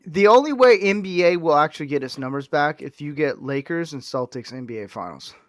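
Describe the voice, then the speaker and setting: A man with a slightly high voice talks briskly, co-hosting a casual sports chat podcast with clean, echo-free studio sound. He's an animated storyteller who acts out what people said, quoting them in put-on voices.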